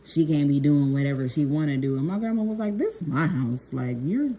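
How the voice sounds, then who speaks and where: A woman's voice: deep voice, lively intonation, a little fast, mellow, slight background noise. A young woman nail technician telling a personal story in a chatty, laughing vlog style, talking to viewers as y'all.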